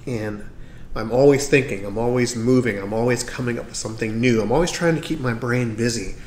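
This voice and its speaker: A man's voice: medium pitch, a little fast, a little mellow, slight background noise. A man hosting his own podcast, talking earnestly and encouragingly, sometimes tripping over his words. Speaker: podcast host. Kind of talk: solo podcast talk.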